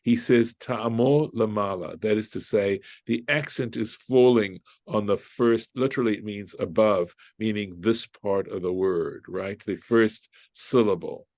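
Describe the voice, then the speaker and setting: A man's voice: fairly low pitch, a little slow, few pauses, a little mellow, no room sound. A man, a rabbi, leading an informal Torah study class, thinking aloud, translating Hebrew phrases and often checking in with "right?". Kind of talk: informal group Bible study.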